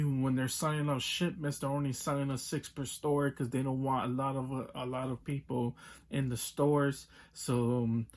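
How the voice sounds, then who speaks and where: A young man telling a frustrated story in a casual vlog rant, acting out both sides of the talk, with many fillers. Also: medium pitch. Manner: exasperated, retells with quoted dialogue and many fillers. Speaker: toy collector vlogger.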